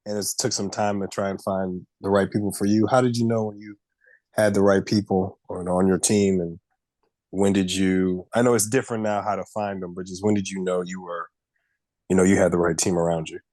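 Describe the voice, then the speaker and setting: A man in the audience asking a guest a halting, hesitant question. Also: low-pitched, flat delivery, a little mellow, dry recording.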